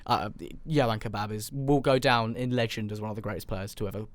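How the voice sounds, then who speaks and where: Podcast co-host, man, casual football chat, joking and rambling, smooth voice, dry sound. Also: lowish voice, fast, no echo. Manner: joking, rambling, with many fillers.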